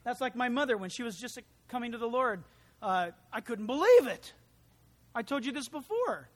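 Animated preaching man, loud and soft. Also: very high-pitched, moderate pace. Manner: animated, acts out voices, swings from quiet to loud. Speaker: pastor. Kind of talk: sermon.

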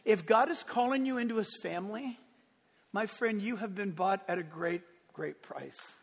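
A man preaching a sermon, telling the story with lively acted-out voices and building to impassioned peaks. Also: sits high, moderate pace, creaky, long reverb tail, some chatter behind, slight background noise. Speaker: pastor.

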